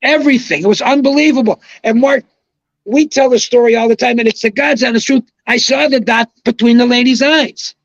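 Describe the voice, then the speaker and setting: An older man telling an animated story as a podcast guest, excitable, swearing and acting out quotes. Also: extremely high pitch, a little fast, no room sound, lo-fi sound.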